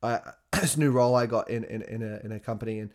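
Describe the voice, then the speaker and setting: A young adult man speaking in a relaxed, unscripted monologue. His pitch sits in an ordinary middle range. He talks casually, drops frequent swear words and breaks into laughs. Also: fast talker. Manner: casual, swears often, laughs while talking.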